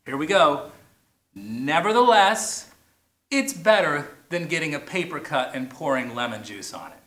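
Bright, playful preaching man. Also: a little high. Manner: playful, drawn-out emphasis on key words. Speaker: pastor. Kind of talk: sermon. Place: large church or plaza. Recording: echoey, roomy sound.

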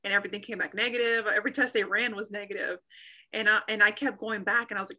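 A woman's voice: medium pitch, steady tone, fairly quick, bright, forceful tone, low-quality recording. A woman in her thirties earnestly sharing a personal faith testimony over a video call, acting out quoted remarks as she goes. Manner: earnest storytelling with reenacted quotes.

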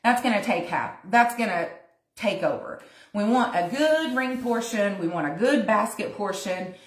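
A woman's voice: medium pitch, animated, normal speed. A woman hosting a casual live craft demonstration, chatting with viewers as she works. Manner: chatty, greets viewers by name, talks while working. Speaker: craft tutorial host. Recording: roomy echo.

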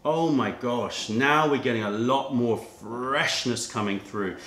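A man's voice: medium pitch, a bit bright. Male host, casual tasting chat, musing delivery, roomy echoey sound. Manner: musing, lists flavour notes slowly. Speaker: tea shop host. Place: indoor room with cups and kettles. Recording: echoey room, faint noise.

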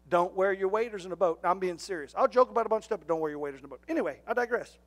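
A high-pitched man preaches in a church. He tells his stories in an animated, jokey way and raises his voice to a shout at the punchlines. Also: fast talker, few pauses. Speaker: pastor. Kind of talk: storytelling sermon.

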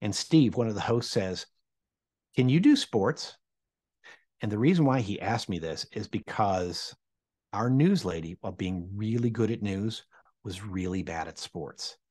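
A Midwestern man in his forties shares a personal anecdote to camera at a moderate pace, his lowish voice a little mellow. He brings the people he quotes to life with big jumps in his voice, as a storyteller would.

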